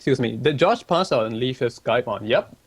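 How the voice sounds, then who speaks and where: A polite, laid-back man talks his way through a livestream chat at a middling pitch. He answers questions casually, often hesitating with ums and restarting his sentences. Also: animated, brisk, slight background noise. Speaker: livestream guest reading chat.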